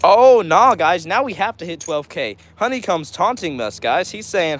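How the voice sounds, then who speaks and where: A male livestream host chats casually with his viewers, answering their comments one after another. His voice sits a bit high for a man, and he talks in an upbeat, rambling way. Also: lively intonation, normal speed, few pauses, a bit bright. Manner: chatty and upbeat, many fillers like "all right".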